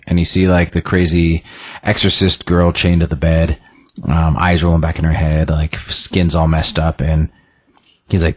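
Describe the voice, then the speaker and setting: A young man hosts a casual recap, stumbling through with lots of fillers and restarts. His voice sits very low and deep. It sounds like relaxed podcast chat. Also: no echo. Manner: halting, many fillers and repeated words. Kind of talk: casual comic book recap.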